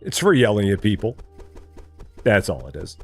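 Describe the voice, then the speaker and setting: In a casual store simulator stream, a middle-aged man talks to himself as he fills shelves, reading chat aloud and replying to viewers. His fairly low voice has huge pitch swings and a breathy edge, moving at a moderate pace over soft background music.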